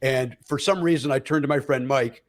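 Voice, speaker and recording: A middle-aged man, a comedian guest, telling stories in an animated way and acting out other people's voices. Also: medium pitch, a little fast. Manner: acts out other people's voices, with many fillers and laughs. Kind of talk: animated comic storytelling.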